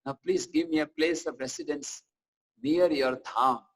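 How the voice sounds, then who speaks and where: A man voicing a frightened god who pleads humbly with a higher lord. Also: unhurried, poor audio. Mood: pleading.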